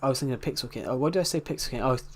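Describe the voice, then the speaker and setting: A man hosting a live game stream, talking casually and in a rambling way to his viewers. His voice sits at an ordinary middle pitch. He greets people and thinks out loud as he reacts to the chat. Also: racing, slight background noise.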